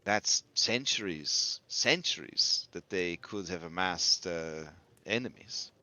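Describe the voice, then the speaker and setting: A man voicing a grave, measured townswoman. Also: sits low, expressive, bright, forceful tone, no echo, exaggerated voice. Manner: grave, deliberate warnings. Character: wary older woman innkeeper, sober and measured.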